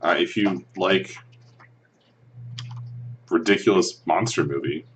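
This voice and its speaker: A man's voice: low-pitched, slow pace, a little hiss or hum. A man playing a tabletop game in casual chat, hesitant, with ums and uhs.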